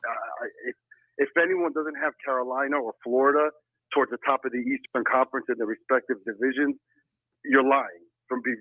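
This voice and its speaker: A man's voice: mid-range voice, no echo. Male phone-in caller from Pennsylvania, laid-back and reassuring, thin dry phone sound. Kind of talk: phone-in sports chat. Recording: tinny phone line.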